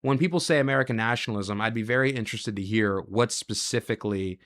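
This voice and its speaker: A male show host delivering a reaction monologue, asking rapid rhetorical questions and running through long lists of ideas. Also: fairly low pitch, a bit bright.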